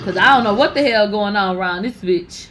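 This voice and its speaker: A woman's voice: mid-range voice, a little fast, noisy background. A young woman giving brash, profane gossip commentary, talking straight to her viewers. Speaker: commentary vlogger.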